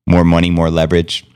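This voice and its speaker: A deep, darkish, clear and resonant male voice hosts a casual livestream over a streaming setup. He's brash and playful, swearing plenty and throwing around slang he invented himself.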